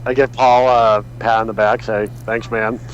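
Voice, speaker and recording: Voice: medium pitch, little pitch movement, moderate pace, dull audio, a little hiss or hum. A player chatting in an easygoing, joking way during a tabletop game. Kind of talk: casual chat in a tabletop game.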